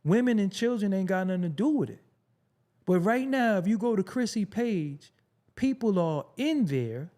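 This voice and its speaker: A fairly high-voiced man hosting his own show, riffing bluntly in a casual commentary monologue. He drops into low mutters, then jumps up into high, incredulous outbursts. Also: animated, moderate pace, warm tone. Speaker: show host.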